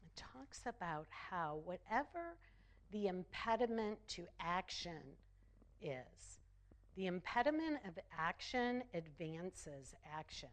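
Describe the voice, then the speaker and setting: Woman minister, sermon delivery, slow and deliberate, lowish voice, emphatic repetition. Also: very animated. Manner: slow, emphatic, repeats phrases for effect.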